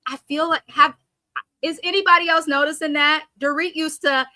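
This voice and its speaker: A woman's voice: high voice, steady tone, normal speed, bright, forceful tone, no echo. A woman live-streaming a reality TV recap, blunt and sassy, reading viewer comments aloud and mimicking cast members. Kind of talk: casual live reaction commentary.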